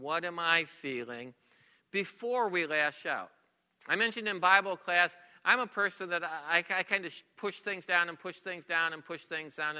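Middle-aged male pastor, sermon delivery, very bright tone, earnest with repeated phrases. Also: sits high, smooth, big-room sound. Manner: earnest, repeats words, drops to a near whisper for emphasis.

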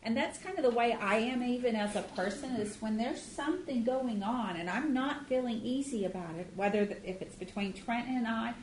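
A woman's voice: fairly high pitch, moderate pace, few pauses, a little hiss or hum. A woman co-leading a marriage workshop, speaking casually and earnestly to a class. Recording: echoey room, faint ambience.

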